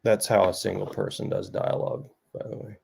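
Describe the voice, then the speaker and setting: A man's voice: low-pitched, huge pitch swings, brisk, creaky, darkish tone, a little hiss or hum. A middle-aged man, an author hosting a livestream, chatting loosely and jokingly with viewers and reading their comments. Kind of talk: casual chat.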